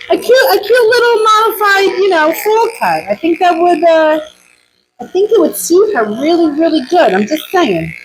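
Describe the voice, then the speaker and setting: Chatty high-voiced woman groomer. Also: background noise. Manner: chatty, animated storytelling with sudden high exclamations. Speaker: dog groomer. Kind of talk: casual chat while grooming. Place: grooming salon.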